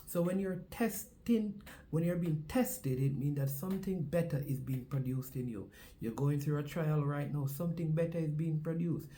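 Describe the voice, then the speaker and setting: A Jamaican man hosts his sports show in a warm, mellow voice. He talks casually but slips into the rolling cadence of a preacher, repeating key phrases to drive them home. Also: on the high side, normal speed, slight background noise. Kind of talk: casual sports commentary with a sermon-like opening.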